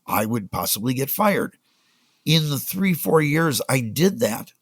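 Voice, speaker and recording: An older man, a music business guest on a podcast, telling animated stories and acting out the people he quotes. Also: mid-range voice, moderate pace, husky, dry recording. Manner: animated anecdotes, acts out quoted voices. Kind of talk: storytelling in a casual interview.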